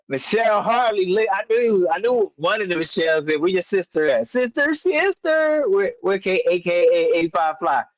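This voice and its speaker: Hosting a relaxed live sports show, a podcast host with a high voice wanders through filler-laden talk and breaks into playful chants. He keeps a moderate pace, and the dry, dull lo-fi recording carries no room sound.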